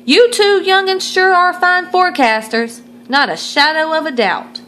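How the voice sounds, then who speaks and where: A woman's voice: extremely high pitch, unhurried, sharp tone, pitched above the performer's own voice, full character voice. A woman reading a picture book aloud, voicing an old, folksy grandfather groundhog with hearty exclamations.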